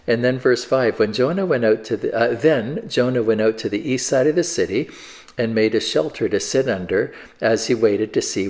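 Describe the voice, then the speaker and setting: Casting: man preaching in a casual, halting teaching style, mid-pitched voice. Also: darkish tone. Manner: conversational, with fillers and repeated restarts. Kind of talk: discussion-starter sermon, reading scripture.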